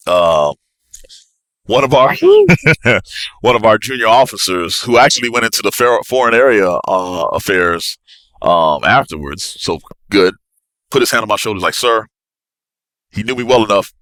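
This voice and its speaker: A man, a navy officer, telling a story as a podcast guest in an animated, excitable way with bursts of laughter. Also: lowish voice, moderate pace, dry recording. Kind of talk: casual storytelling.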